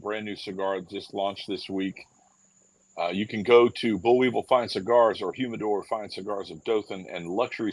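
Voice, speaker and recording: A man who makes cigars, pitching a new product in relaxed, steady casual talk. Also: no echo, poor audio. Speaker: cigar maker guest.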